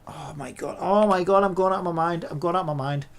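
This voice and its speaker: A woman's voice: sits low, fairly even intonation, fast talker. A woman, a game developer, talking to herself in a casual dev log, frustrated and swearing a lot.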